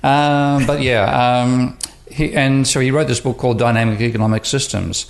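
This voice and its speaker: A man's voice: medium pitch, steady tone, moderate pace, vocal fry. A man, a professor who is a guest on a podcast, talking casually and telling anecdotes, with many restarts.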